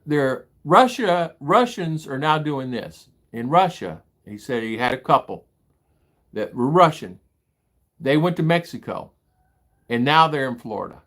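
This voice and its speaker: Gravelly older American man ranting. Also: medium pitch, a bit bright. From United States. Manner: rambling, grows heated and indignant. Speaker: livestream host reading chat. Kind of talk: casual livestream chat. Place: home in the Philippines.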